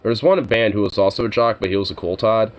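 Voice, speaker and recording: A man's voice: fairly low pitch, fast, low-quality recording. A man chatting casually on a livestream, rambling and swearing freely between laughs. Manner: rambling, profane, laughing asides.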